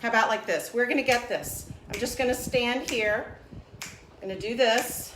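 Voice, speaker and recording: A woman's voice: a little high, moderate pace, a bit bright, recorded from a distance. Chatty woman coaching a home workout. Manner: chatty, apologetic about tech trouble, encouraging. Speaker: fitness coach. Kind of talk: live-streamed home workout instruction. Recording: echoey home room with faint background noise.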